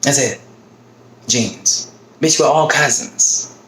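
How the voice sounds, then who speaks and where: A man's voice: medium pitch, slow, a bit bright, a little hiss or hum. A man on his own video giving a heated, profane, emotional rant about politics. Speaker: vlogger. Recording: roomy echo, faint ambience.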